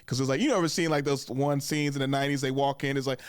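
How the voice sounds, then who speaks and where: A man's voice: mid-range voice, fairly even intonation, rapid-fire, clean tone, no room sound, studio quality. A young man hosting a podcast, telling a casual, rambling story and acting out what other people said. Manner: rambling, repeats "I was like", acts out the voices of other people. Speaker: podcast host.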